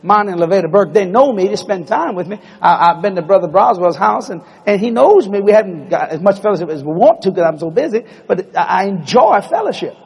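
Male preacher, folksy storyteller, raspy voice in a reverberant hall. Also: high voice, a little fast, few pauses. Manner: folksy, animated, acts out dialogue. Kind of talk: storytelling sermon.

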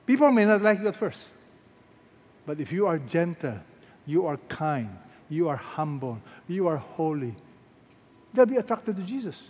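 A Filipino-accented pastor preaches emphatically, repeating phrases and peppering the congregation with rhetorical questions. His voice is fairly high and darkish with lively intonation at normal speed, and the large church hall adds long reverb.

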